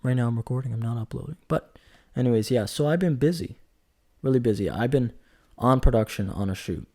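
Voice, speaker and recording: A man's voice: mid-range voice, fairly quick, warm tone. A man in his twenties talking through a casual solo podcast, rambling and chatty, joking as he goes and correcting himself. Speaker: podcast host.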